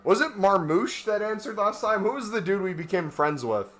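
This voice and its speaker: A man's voice: high-pitched, animated, moderate pace, fairly bright tone. A man chatting casually on a gaming livestream, rambling and joking while he walks on a walking pad. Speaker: gaming streamer.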